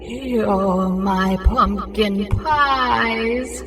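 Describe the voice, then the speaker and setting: A woman putting on a slow, eerie ghost mother. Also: mid-range voice, background noise. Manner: drawn-out, hollow calling.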